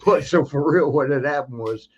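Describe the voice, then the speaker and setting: A man's voice: on the high side, normal speed, background noise. A man telling wrestling stories on a podcast, rambling and laughing often. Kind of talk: casual podcast storytelling. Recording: slightly muffled.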